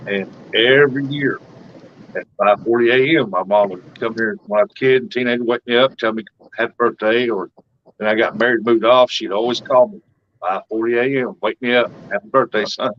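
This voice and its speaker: A man's voice: medium pitch, steady tone, a little fast, highs cut off, slight background noise. A man taking part in a casual stream chat, plainly recalling a family memory.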